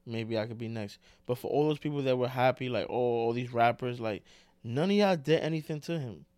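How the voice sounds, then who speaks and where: A man's voice: medium pitch, brisk, clear, resonant tone, no room sound. Slangy man co-hosting a podcast. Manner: animated, slangy, says "bro" a lot. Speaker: podcast co-host. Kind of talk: casual podcast chat.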